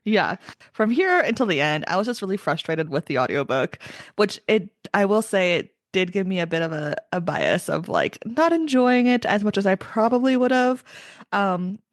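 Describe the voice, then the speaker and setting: A woman's voice: mid-range voice, sing-song, normal speed, no echo, studio quality. A young woman hosting a casual book podcast, chatty and opinionated, with lots of "like" fillers. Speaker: podcast host.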